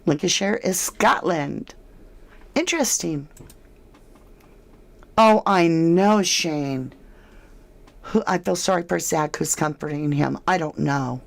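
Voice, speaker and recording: A woman's voice: fairly low pitch, slow pace, gravelly, pauses often. A woman hosting a true crime livestream, chatting casually with viewers in a chatty, emphatic, slightly snarky way. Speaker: true crime channel host. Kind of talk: casual livestream chat reading comments.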